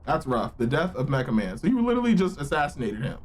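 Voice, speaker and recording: A man streaming a game live, reacting with loud, profane exclamations and joking with his chat in slang. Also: medium pitch, very animated, fast talker, hardly any pauses. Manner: slangy, playful banter with chat. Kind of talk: live gameplay reaction commentary.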